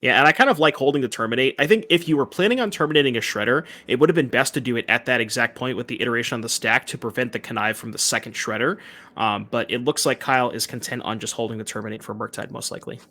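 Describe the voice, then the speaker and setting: A man's voice: medium pitch, pushed and bright. A man giving analytical commentary on a card game tournament, weighing options. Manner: quick, analytical.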